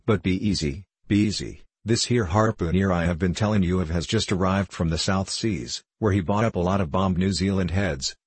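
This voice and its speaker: A man's voice: low-pitched, moderate pace, few pauses, husky, dry recording. A man doing a drawling sly old innkeeper. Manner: rustic drawl, dropped endings.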